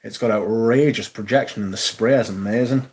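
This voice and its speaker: A man hosting a casual livestream, chatting and answering viewers in an animated, exclamatory way and swearing freely. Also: on the low side, a little fast, husky. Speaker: livestream host. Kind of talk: casual livestream chat, reading viewer comments.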